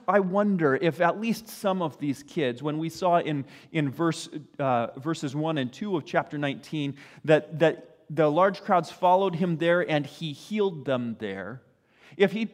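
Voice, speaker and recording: A man's voice: fairly high pitch, big-room sound. A man giving a sermon in a conversational way, often asking "right?" and briefly acting out the voices of parents and children. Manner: conversational, frequent "right?" asides, acts out voices of parents and kids. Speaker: pastor.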